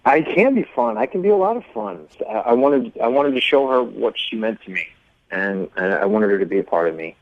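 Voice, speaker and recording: A man's voice: lowish voice, animated, fairly quick, dry recording. A man on the phone to a radio show who speaks earnestly, sounds hurt and leans heavily into his feelings. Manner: earnest, wounded, overly sentimental. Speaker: caller. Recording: muffled phone line.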